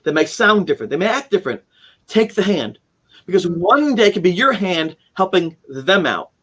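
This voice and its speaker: High-pitched, very animated and slightly rough with a bit of brightness, a man in his forties speaks at a moderate pace as the guest of a casual live-stream interview. He's the author of a haunting memoir, recounting his story earnestly while rambling and restarting a lot. He's on a video call from home, in an indoor room full of keepsakes.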